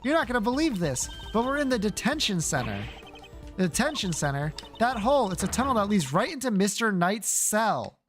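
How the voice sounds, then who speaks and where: A woman's voice: medium pitch, brisk, hardly any pauses, soft background music, pitched above the performer's own voice, lightly acted. A woman voicing a perky, eager young female sidekick while reading game dialogue. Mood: excited. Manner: eager and excitable.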